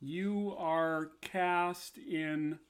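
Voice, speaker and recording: A male host asks his guest questions in a slow, measured way. His voice sits a bit higher than most men's. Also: steady tone, clear, resonant tone. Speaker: podcast host. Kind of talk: interviewer questions.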